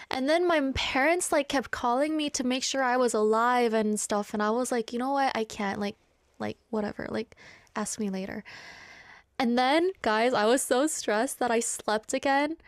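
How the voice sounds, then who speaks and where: A young woman hosting a radio show, chatting casually and acting out the people in her story with animated high-pitched bursts. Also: a little slow, no room sound, clean studio sound. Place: radio studio. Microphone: studio microphone.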